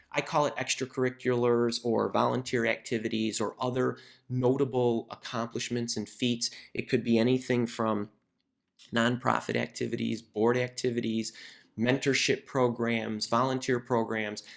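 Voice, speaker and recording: Gravelly and medium in pitch, this man's voice carries a career advice video he hosts as a coach. His to-camera teaching is conversational, with words often repeated as he thinks aloud.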